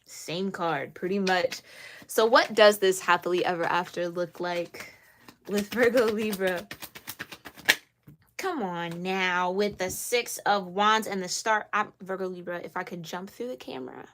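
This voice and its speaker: A woman's voice: fairly low pitch, a little slow, noisy background. A woman giving a spoken tarot reading to her viewers. She is earnest and emphatic, scolds playfully, repeats phrases to reassure and laughs often. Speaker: tarot reader.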